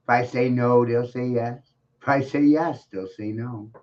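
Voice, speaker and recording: Brief: slow-talking swearing ranter, mocking laughs, muffled lo-fi vlog audio. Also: male voice, mid-range voice. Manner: mocking, swearing, laughs at his own points. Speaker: video blogger. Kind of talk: profane rant to the camera. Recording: dull lo-fi sound.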